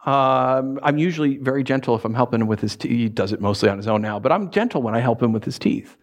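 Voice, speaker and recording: A man's voice: medium pitch, fast. A man preaching a sermon, telling stories and acting out the people in them. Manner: animated storytelling, acts out shouting characters. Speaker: pastor.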